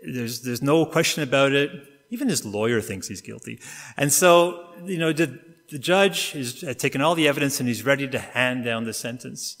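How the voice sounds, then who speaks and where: A middle-aged Canadian man preaching a sermon, telling a story and acting out the quotes, getting suddenly quieter or louder and faster or slower. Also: mid-range voice. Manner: storytelling with acted-out quotes, wide swings in loudness and pace. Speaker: pastor. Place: church sanctuary. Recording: long reverb of a church hall.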